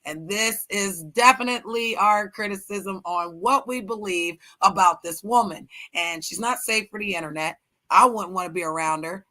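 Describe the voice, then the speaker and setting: A woman's voice: medium pitch, moderate pace, bright, forceful tone. A woman from the United States hosting a livestream, ranting in a brash, profane, combative way. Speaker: livestream host. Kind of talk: heated livestream chat.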